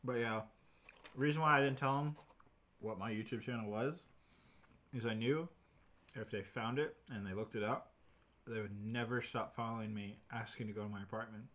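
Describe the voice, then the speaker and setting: Young guy with a bright voice rambling through a story on his stream, lots of likes and ums. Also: on the low side, normal speed, pauses often. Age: 20s. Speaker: livestream host. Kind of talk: casual livestream chat.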